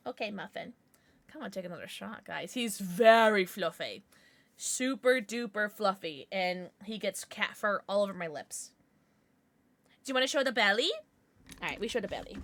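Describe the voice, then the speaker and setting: Bubbly woman streamer, very animated pitch. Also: normal speed, long pauses, dry recording. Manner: bubbly and excitable, greets chat; talks baby talk to her pets. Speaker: livestreamer. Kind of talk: casual livestream chat while gaming.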